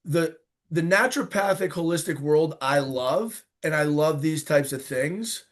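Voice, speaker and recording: Guy doctor explaining stuff in an interview, kinda high voice, talks straight and emphatic, casual about it. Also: measured pace. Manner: emphatic, informal, direct advice. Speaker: doctor and guest expert.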